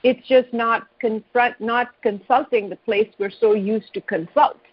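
A woman's voice: fairly high pitch, steady tone, unhurried, husky, dry recording. A woman hosting a call-in radio show, speaking thoughtfully and affirming her guest. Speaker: radio host. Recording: dry, dull lo-fi radio sound.

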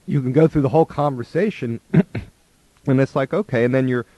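A man's voice: medium pitch, moderate pace, a little mellow, no echo, lo-fi sound. A man giving a conversational spiritual talk about relationships, slipping into the voices of the people in his stories. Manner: conversational, acts out quoted voices.

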